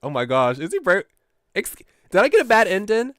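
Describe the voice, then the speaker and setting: A man streaming a game and reacting excitedly to the story. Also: sits high, a little fast, dry recording. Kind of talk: game let's play commentary.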